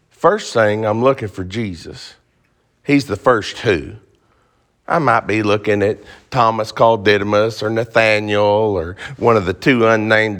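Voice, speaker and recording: A man teaching an interactive Bible class, joking and asking the class questions. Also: lowish voice.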